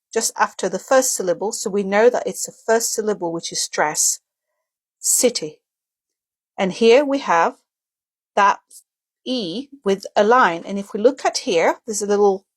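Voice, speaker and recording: An English teacher with a mid-range voice gives a relaxed video lesson on pronunciation symbols, going through each point step by step. She sounds out example words slowly and often checks in with the listener. Her delivery is loose and unscripted, with small slips she quickly corrects.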